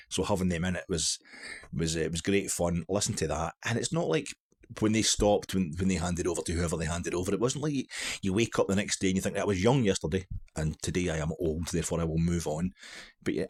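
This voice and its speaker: Man, Glaswegian accent, middle-aged, deep pitch, husky, digressive self-mocking monologue. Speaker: vlogger. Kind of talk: casual rambling monologue.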